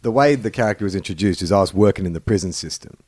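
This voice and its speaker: An Australian man with a fairly low voice, bantering playfully on a casual podcast. The sound is dry and close, with no room in it. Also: rapid-fire, darkish tone, dry recording. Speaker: podcast host. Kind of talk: casual chat.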